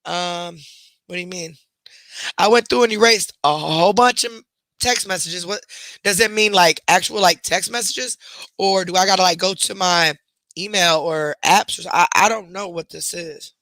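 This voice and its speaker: A woman's voice: fairly low pitch, normal speed, a bit bright, no room sound. A woman hosting a casual livestream from her bedroom at home, chatting with viewers while scolding and coaxing her pets. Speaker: livestream host.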